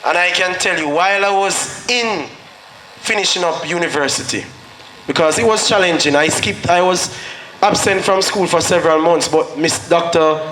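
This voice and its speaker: Bright and high-pitched at a normal pace, a man with a Jamaican accent speaks as guest at a school graduation, offering motivation. Earnestly telling his story, he drops into patois for his own quoted words. It's recorded in an echoey hall carrying faint noise.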